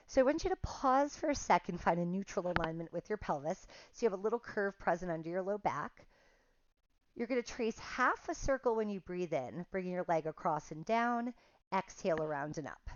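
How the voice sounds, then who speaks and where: Leading a pilates class online, a woman counts reps aloud and chats in a casual, self-deprecating way as she guides the workout. Her voice is on the low side, and the audio is dull but free of echo.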